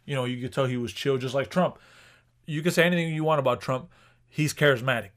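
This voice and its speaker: A man's voice: mid-range voice, quick pace, fairly bright tone. Rambling man, casual podcast co-host. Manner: rambling, frequent restarts and swearing. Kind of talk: casual chat.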